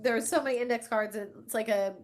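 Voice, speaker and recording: A woman's voice: fairly high pitch, fairly quick. A woman in her thirties, an author in an interview, talking animatedly with many fillers and restarts and laughing often. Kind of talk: interview conversation.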